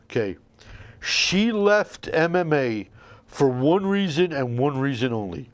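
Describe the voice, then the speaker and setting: A man's voice: fairly high pitch, very animated, takes it slowly. A man hosting a combat sports podcast, talking in a casual, showman-like way with playful sign-offs. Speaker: podcast host. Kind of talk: casual solo commentary.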